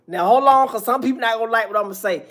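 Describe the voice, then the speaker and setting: A woman's voice: on the high side, racing, a bit bright. Blunt, ranting woman commentator. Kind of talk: casual reaction commentary.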